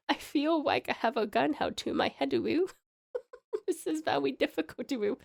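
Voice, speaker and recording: An Australian woman streaming a game, chatting excitably with lots of giggles and playful baby talk. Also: sits high, measured pace, vocal fry. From Tasmania, Australia. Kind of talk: live game stream commentary.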